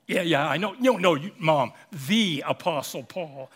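A man preacher voicing an eager young male disciple, rushing out his words in breathless excitement. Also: on the high side, slightly rough, pitched below the performer's own voice, heavily acted. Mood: excited. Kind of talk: storytelling in a sermon.

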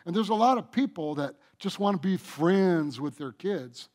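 A middle-aged man preaching a sermon, stretching out his phrases and swinging between booming emphasis and hushed asides. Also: animated, normal speed.

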